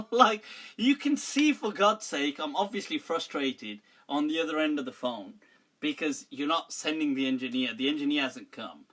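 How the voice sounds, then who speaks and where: A man hosts a live Q&A, talking in an animated way with frequent laughter. His voice sits a little high and sounds bright and forceful. He rants with playful exasperation. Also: normal speed. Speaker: mufti answering viewer questions. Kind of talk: live Q&A chat.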